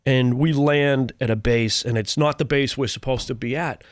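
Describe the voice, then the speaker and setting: A man's voice: medium pitch, steady tone, moderate pace, no echo, studio quality. A man, a comedian, telling stories casually and acting out other people's lines in shifting voices. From Cambridge, Massachusetts. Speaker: comedian guest. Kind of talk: casual storytelling.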